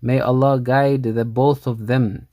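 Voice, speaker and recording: Male language teacher, mid-pitched voice, patient and repetitive, close dry sound. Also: little pitch movement, mellow, no room sound. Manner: reads Arabic lines slowly, repeats them, then translates. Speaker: Arabic teacher. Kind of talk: explaining a textbook dialogue.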